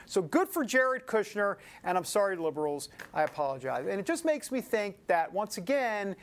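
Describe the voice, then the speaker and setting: A man's voice: high-pitched, sing-song, moderate pace. Joking, rambling New York male host. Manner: joking, rambling, asides to the audience. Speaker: show host. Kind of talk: casual news show banter.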